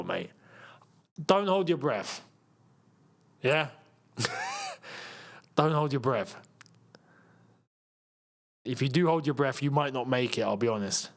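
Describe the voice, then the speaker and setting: Young guy reacting live to a match, chatty, laughs a lot, bouncy lively voice. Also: fairly high pitch, slow, long pauses. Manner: chatty, laughs often, reads viewer comments. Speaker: host of a football watchalong. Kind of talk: casual live match commentary and chat.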